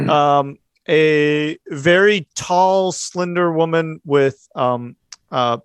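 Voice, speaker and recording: A man narrating a tabletop role-playing game as game master, describing scenes in a halting, thoughtful way. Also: a little high, clean tone, no echo.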